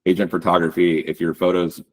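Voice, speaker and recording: A man giving a casual webinar talk on real estate branding, relaxed and loose with lots of ums and likes. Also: low voice, fairly quick. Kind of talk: webinar presentation.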